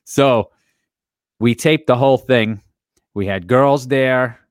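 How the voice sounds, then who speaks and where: A man co-hosting a casual podcast, telling a rowdy personal story and acting out the people in it with loud, high bursts. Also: slow, smooth, dry recording, clean studio sound. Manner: animated storyteller, acts out quotes loudly.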